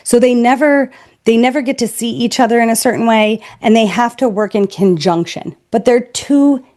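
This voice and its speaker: A woman's voice: on the high side, normal speed, a little mellow. A woman sales trainer speaking as a podcast guest, blunt and emphatic. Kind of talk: podcast interview.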